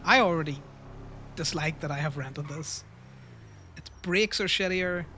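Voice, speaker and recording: A man's voice: a little high, a little slow, bright, forceful tone, slight background noise. A young man casually rambling through a story while livestreaming a game, laughing and swearing freely. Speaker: streamer.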